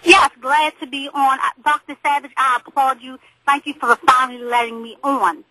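A woman's voice: high-pitched, steady tone, normal speed, background noise. A woman calling in to a radio show by phone, speaking in a taunting, provocative way. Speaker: caller. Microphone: telephone.

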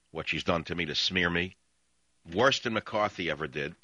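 Ranting deep-voiced talk radio man. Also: normal speed, sharp tone, dry recording, lo-fi sound. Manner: sarcastic, ranting, reads news items aloud then mocks them. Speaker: radio talk show host. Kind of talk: combative political talk radio monologue.

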